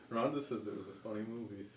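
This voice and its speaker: A young man giving brief, quiet replies as a co-host during casual chat. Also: fairly low pitch, brisk.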